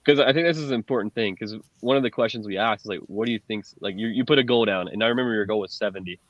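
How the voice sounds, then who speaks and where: A male host chats loosely, with plenty of fillers. His voice is a bit low. The sound is dry and dull, like lo-fi call audio. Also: very fast, no echo. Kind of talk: casual interview chat.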